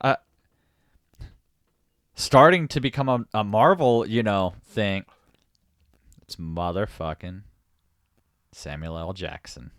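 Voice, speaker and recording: A man's voice: lowish voice, slow, pauses often, a bit bright, no echo, studio quality. A man co-hosting a podcast, chatting casually and throwing in wry, laid-back remarks. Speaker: podcast co-host. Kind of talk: casual chat.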